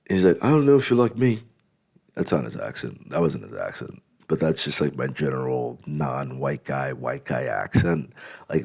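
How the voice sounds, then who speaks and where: A man's voice: a bass voice, gravelly, breathy edge. A man in a blunt, rambling, profane casual monologue for his vlog. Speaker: vlogger.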